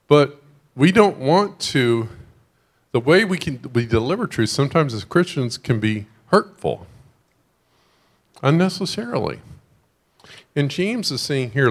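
A male pastor preaching a sermon at an everyday, mid-range pitch. He talks to the congregation in a loose, conversational way, often checking in with "right?". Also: very animated, unhurried, pauses often.

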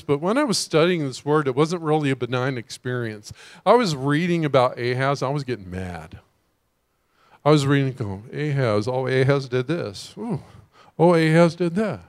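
Animated man preaching a conversational sermon. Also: a little high. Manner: animated, conversational preaching with sudden loud exclamations. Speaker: pastor.

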